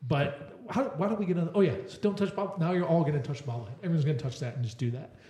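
A man's voice: on the high side, very fast, dark tone. A man co-hosting a podcast, playful and teasing, slipping into mock-announcer asides during casual banter. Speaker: podcast host. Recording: echoey room.

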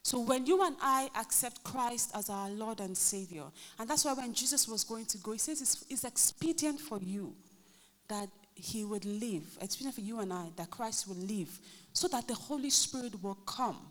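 A Nigerian woman pastor preaching a lively sermon, acting out quotes and joking with her congregation. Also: fairly high pitch, normal speed. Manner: animated, acts out quotes, jokes with the congregation. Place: church hall. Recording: reverberant church hall.

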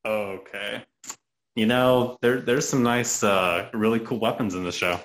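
A man's voice: fairly low pitch, fairly even intonation, a little slow, a bit bright, a little hiss or hum. A man co-hosting a podcast in casual chat, easygoing and rambling as he gives his thoughts. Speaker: podcast co-host.

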